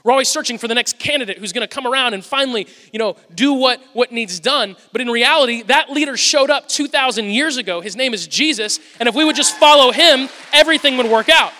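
A male pastor races through his sermon at a quick pace with hardly any pauses, his very high-pitched voice bright and forceful. His style is conversational and humorous storytelling. The recording, made in a church sanctuary, carries a large hall's long reverb.

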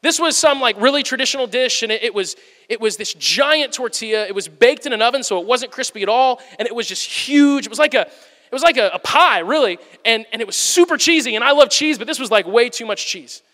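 A man in his thirties preaching a sermon, telling personal stories and acting out the dialogue in them with lively voices. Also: extremely high pitch, fairly quick. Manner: animated storyteller acting out dialogue. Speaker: pastor. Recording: long reverb of a large hall.

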